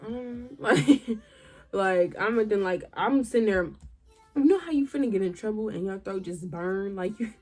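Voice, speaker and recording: Animated young woman telling a storytime. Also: medium pitch, moderate pace, faint music behind. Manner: animated, slangy, acts out her own past lines. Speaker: vlogger. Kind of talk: casual storytime.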